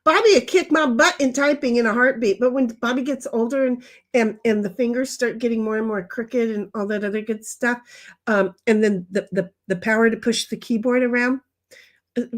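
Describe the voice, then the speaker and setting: High-voiced older woman chatting bluntly. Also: fairly even intonation, brisk. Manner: blunt, rambling and profane. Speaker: livestream host reading chat. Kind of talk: casual livestream chat.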